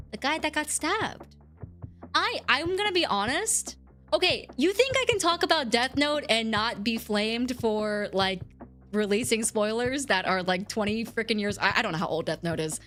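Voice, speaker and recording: A woman's voice: fairly high pitch, animated, unhurried, a bit bright, faint music behind. A woman streamer chatting casually with her viewers, rambling and giggling as she answers chat.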